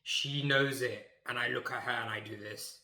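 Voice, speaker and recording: Young man, comic storytelling, bright voice, echoey room. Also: medium pitch, normal speed, creaky. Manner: animated, acts out scenes, emphatic. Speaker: YouTuber.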